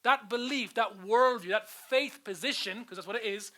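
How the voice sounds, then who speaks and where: Bright-voiced preaching pastor. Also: male voice, high voice, moderate pace. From Ireland. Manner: earnest, repeats words and restarts, asks rhetorical questions. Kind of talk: sermon. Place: church auditorium.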